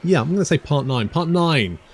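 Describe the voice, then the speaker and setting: A man's voice: fairly high pitch, animated, a little fast, breathy edge. A man giving rambling, chatty let's play commentary, thinking aloud and muttering to himself as he plays. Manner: rambling, chatty, wanders off on tangents. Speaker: gaming YouTuber.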